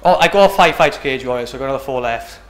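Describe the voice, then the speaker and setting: A man's voice: medium pitch, lively intonation, very fast, a bit bright, reverberant. A young man from Britain, an MMA fighter talking casually after a win, rambling and often asking "do you know what I mean". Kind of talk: post-fight interview.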